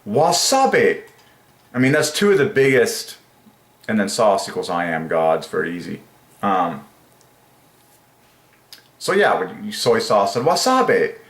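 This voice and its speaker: A man talks slowly to his own channel, thinking aloud with enthusiasm and turning words over again and again. His voice sits low but now and then jumps up into a sing-song tone. The room around him is echoey. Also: very animated, fairly bright tone, slight background noise. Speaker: channel host. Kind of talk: casual solo commentary on word numerology.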